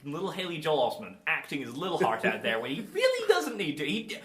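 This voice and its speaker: A young man talks through a film comparison in casual podcast chat. His pitch swoops widely as he rambles, restarting sentences and tacking on asides. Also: wildly swooping pitch, brisk, fairly bright tone. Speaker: podcast co-host.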